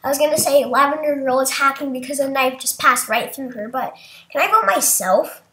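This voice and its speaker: A young woman giving casual commentary on an online game, excitable and prone to shrieking when she wins. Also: high-pitched, a little fast. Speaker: gaming video creator. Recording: roomy echo, faint noise.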